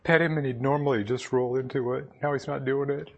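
A man's voice: mid-range voice, fairly even intonation, a little fast, muffled recording. A man giving a devotional talk to a gathering from up front, telling a personal story in a conversational, plainspoken way and reading scripture aloud.

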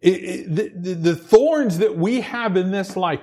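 A man's voice: high-pitched, a little slow, few pauses, warm tone, slightly rough. A man preaching a sermon in a conversational way, stumbling over repeated words as he builds his points. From Pacific Northwest. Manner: conversational, repeats words when starting sentences, laughs between points. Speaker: pastor.

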